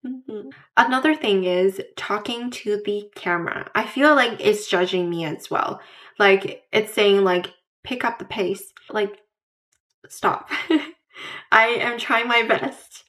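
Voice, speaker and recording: A woman talking candidly to camera in a casual vlog. She pauses to search for words, repeats herself and restarts often, and fills the gaps with "like". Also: medium pitch, fairly bright tone. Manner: searches for words mid-sentence. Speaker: vlogger.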